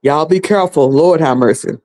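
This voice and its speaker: A woman's voice: sits low, brisk, warm tone. A woman from North Carolina chats her way through a home livestream. She rambles, loops back over the same phrases and laughs easily as she talks to her viewers. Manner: rambling, chatty, repeats herself, laughs often. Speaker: livestream host. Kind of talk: casual livestream chat. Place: home, a noisy washing machine upstairs.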